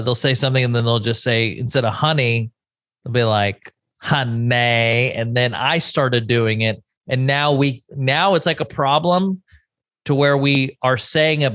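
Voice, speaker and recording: In a dry, clean studio recording, a man in his thirties co-hosts a casual podcast, his fairly bright mid-range voice wandering from story to story. He's a rambling storyteller who keeps interrupting himself partway through a thought.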